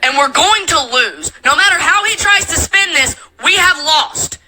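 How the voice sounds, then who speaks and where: A young woman from Alabama, ranting angrily and profanely into her phone, shouting at times, her voice breaking. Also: very high voice, animated, normal speed, slight background noise, rough recording. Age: young adult. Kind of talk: angry political rant to phone.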